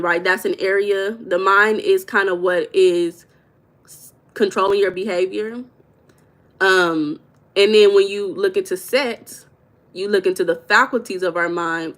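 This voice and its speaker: A woman's voice: mid-range voice, fairly bright tone. A woman with a Southern US accent hosting a casual livestream, talking directly to viewers and reading their comments aloud. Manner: chatty, direct, talks to viewers as "y'all". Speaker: livestream host reading chat.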